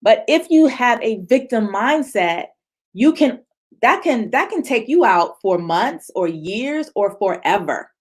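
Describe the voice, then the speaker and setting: Woman speaker, slightly high voice, lively motivational talk over a video call. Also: measured pace, breathy edge. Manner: animated, acts out voices of others, laughs often. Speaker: speaker at a virtual retreat.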